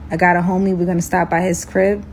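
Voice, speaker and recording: A woman voicing a menacing young man on the run, speaking in a blunt, threatening way a little lower than her own voice. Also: level tone, fast, a little mellow, slight background noise, close to an everyday voice.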